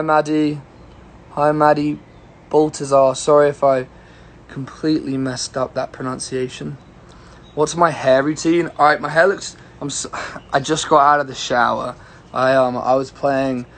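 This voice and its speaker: A man's voice: mid-range voice, slight background noise. Easygoing young man chatting. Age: young adult. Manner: rambling and easygoing, greeting viewers by name. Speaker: singer-songwriter. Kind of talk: casual livestream chat answering viewer questions. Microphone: phone livestream.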